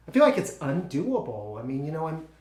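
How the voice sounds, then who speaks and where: In a one-man play, an actor portrays an insecure, easily frustrated stage actor in his twenties who speaks in halting, stammering bursts full of restarts to partners the audience never hears. His voice is fairly high and darkish, with wildly swooping pitch. The theatre stage gives the recording a roomy sound.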